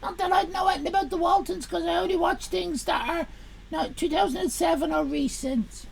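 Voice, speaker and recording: A woman's voice: extremely high pitch, brisk, vocal fry, slight background noise, poor audio. Sweary sarcastic woman streamer. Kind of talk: live game stream with read-aloud text.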